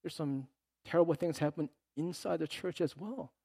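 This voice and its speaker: A man preaching a sermon as a pastor. He is animated, swinging from soft asides to loud, emphatic passages, and acts out the words he quotes. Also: fairly high pitch, normal speed, creaky, slightly rough, no echo.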